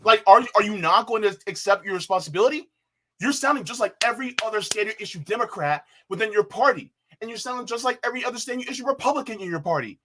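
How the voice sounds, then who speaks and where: Male panelist, high, lively voice, heated rant, slangy. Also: fast. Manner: animated, repeats himself, says bruh, mimics others in quotes. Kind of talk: heated political panel talk.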